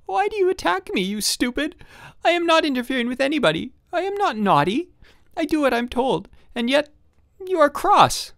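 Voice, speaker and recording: A man's voice: very animated, fairly quick, dry recording, studio quality. A man voicing a six-year-old boy who is curious, asks questions, and cries easily, in a storybook reading. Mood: tearful, wailing. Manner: high childish questioning voice. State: tearful, crying.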